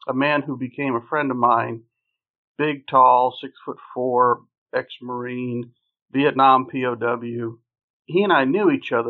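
Brief: man, podcast guest, earnest storyteller, flat delivery, tinny phone-like line. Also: mid-range voice. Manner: earnest, vivid storytelling in present tense. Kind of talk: telling his life story. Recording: phone-like narrow sound.

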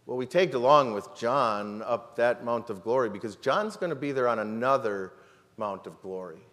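A man's voice: mid-range voice, expressive, moderate pace, a bit bright. Man preaching in a reverberant church. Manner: dramatic storytelling, many rhetorical questions and repeated words. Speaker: pastor. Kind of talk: sermon. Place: church sanctuary.

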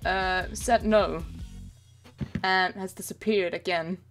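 A woman's voice: lowish voice, fairly even intonation, takes it slowly, soft background music. A young woman streaming a game, chatting playfully, giggling and making silly noises. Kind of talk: casual chat while gaming.

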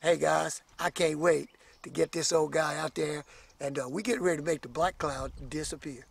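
A man's voice: fairly high pitch, fairly even intonation, normal speed, creaky, husky. A man, a fishing charter captain talking up his trips on a boat, folksy and enthusiastic. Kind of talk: casual promo on a boat.

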